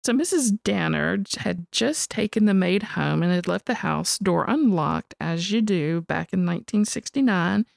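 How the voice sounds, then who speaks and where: A woman co-hosting a podcast, telling a story in an animated, casual way and swearing freely. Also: on the low side, moderate pace, creaky, hardly any pauses, no room sound, studio quality. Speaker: podcast co-host.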